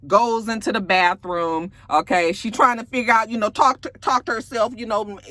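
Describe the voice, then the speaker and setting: A woman's voice: fairly high pitch, moderate pace, dry recording. Sassy woman recapping an episode. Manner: animated, profane, sassy asides with laughs. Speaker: TV episode reviewer. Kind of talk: casual recap vlog.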